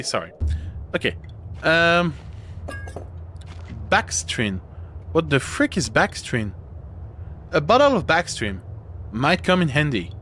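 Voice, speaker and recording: Slow, rambling male game streamer. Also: on the high side, huge pitch swings, bright, forceful tone, a little hiss or hum. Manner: rambling, chatty, self-interrupting with laughs. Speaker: streamer playing a horror game. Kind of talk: casual gameplay commentary.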